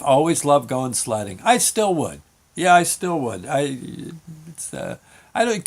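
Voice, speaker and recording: A man's voice: medium pitch, gravelly. Older man reminiscing with frequent chuckles. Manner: reminiscing, chuckling, halting restarts. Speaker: show host. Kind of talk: rambling storytelling monologue.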